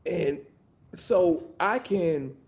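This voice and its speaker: A man chatting as a podcast guest in an animated, rambling way, with many fillers and restarts. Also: on the high side, drawn-out words. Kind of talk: casual chat.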